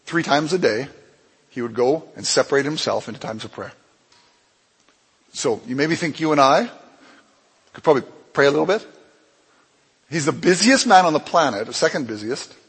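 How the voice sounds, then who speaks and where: Husky-voiced man preaching in a hall. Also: moderate pace, long pauses. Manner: animated storytelling, acts out dialogue with swings in pitch and loudness. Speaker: pastor. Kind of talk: sermon. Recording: long hall reverb.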